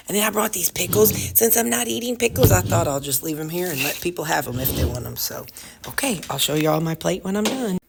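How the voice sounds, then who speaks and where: A woman's voice: fairly low pitch, expressive, brisk, creaky, roomy sound, far from the mic, noisy background. A woman with a Southern US accent chatting casually to her followers, folksy, joking and rambling as she talks. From Missouri. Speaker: weight-loss vlogger. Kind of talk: casual chat to camera.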